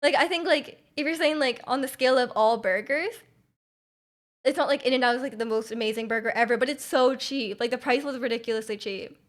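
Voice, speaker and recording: A woman with a Canadian accent, chatting casually with viewers on a stream, full of fillers and restarts and quick to laugh. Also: on the high side. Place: home room.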